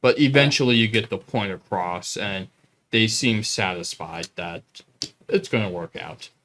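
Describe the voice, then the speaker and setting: A man narrating as game master of a tabletop role-playing game, playful and quick with asides. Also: fairly low pitch, fairly bright tone, slight background noise.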